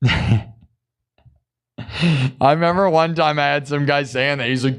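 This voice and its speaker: A man's voice: mid-range voice, steady tone, brisk, pauses often, fairly bright tone, clear, resonant tone. A man hosting a live music stream, chatting casually with viewers, laughing often and acting out quotes.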